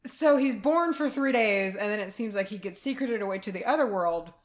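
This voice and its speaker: A woman co-hosting a relaxed podcast chat. She rambles and laughs easily as she explains things, and her pitch sits mid-range for a woman. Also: fairly quick. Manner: chatty, rambling, laughs often. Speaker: podcast co-host. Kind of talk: casual chat.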